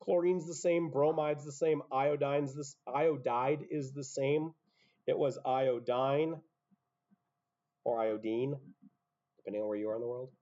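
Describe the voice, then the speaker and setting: This chemistry teacher's voice is fairly high and mellow, a little fast with few pauses. In a muffled recording of his high school classroom lecture, he explains step by step and breaks off into asides.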